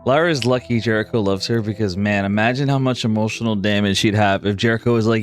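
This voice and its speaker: A man runs a tabletop fantasy game as its game master. His narration is casual and loose, full of likes, restarts and quick asides to the players. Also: on the low side, faint music behind. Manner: casual, filler-heavy narration.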